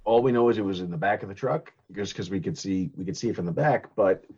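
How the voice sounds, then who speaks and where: A man's voice: low voice, quick pace, a little mellow, slightly rough, lo-fi sound. A man co-hosting a podcast, casually recapping a movie in a rambling, giggly way with lots of fillers and restarts. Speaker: podcast co-host recapping a film.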